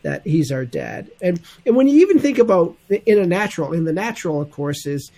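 Middle-aged guy, kinda husky, slightly higher voice, thinking out loud in a devotional talk. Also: big pitch swings. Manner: reflective, halting. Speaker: co-speaker.

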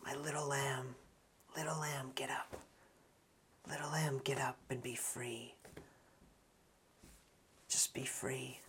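A preacher voicing Jesus as a gentle, tender man, speaking softly in slow, hushed tones during a sermon. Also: mid-range voice, fairly even intonation, slight background noise. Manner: hushed, tender, soft-spoken. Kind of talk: acted scripture quotes in a sermon.

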